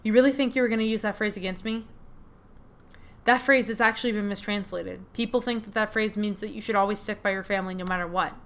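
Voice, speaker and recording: A woman voicing a hurt, angry young woman confronting her family, read in a steady, bitter tone while playing a game. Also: medium pitch, fast, natural voice. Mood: scornful. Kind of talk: reading game dialogue aloud.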